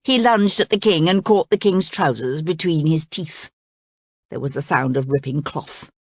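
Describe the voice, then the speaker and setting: A woman reading a children's story aloud in an expressive, lively way. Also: sits low, normal speed, no echo, clean studio sound. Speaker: storybook reader.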